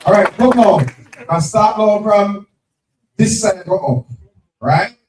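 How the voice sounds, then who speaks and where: A man's voice: sits high, background noise. Man, spelling game host, repeats words, echoey, distant from the mic. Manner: brisk, teasing, repeats words. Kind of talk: live event announcing. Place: event venue with crowd.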